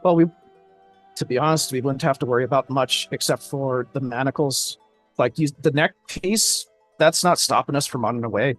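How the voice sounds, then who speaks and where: A man playing in a tabletop game, chatting in a relaxed way about the game. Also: mid-range voice, moderate pace, faint music behind. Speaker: player. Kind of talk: casual tabletop game chat.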